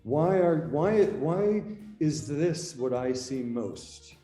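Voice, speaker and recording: A man from the USA speaks as a guest on a video call in a mellow, warm tone, earnest and halting with frequent restarts. The sound is roomy, with faint music behind him. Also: a little high, lively intonation. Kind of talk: casual interview chat.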